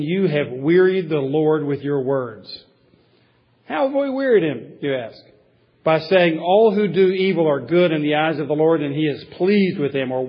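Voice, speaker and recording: A pastor preaching a sermon in a slightly raised, husky male voice. He reads scripture aloud, then unpacks it with lively stories from his own childhood. The recording sounds dull and lo-fi. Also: a little high.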